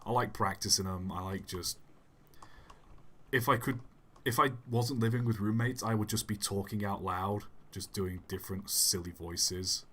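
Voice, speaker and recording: Soft-spoken young man, low voice. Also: normal speed. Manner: soft-spoken, rambling, self-deprecating. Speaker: YouTube channel host. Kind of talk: casual livestream Q&A while gaming.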